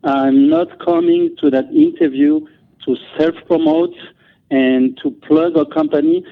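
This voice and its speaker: Man, French accent, guest on a call, gravelly voice, lively pitch, tinny phone sound. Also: a little slow. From France. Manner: animated, many restarts and fillers. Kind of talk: interview on a call.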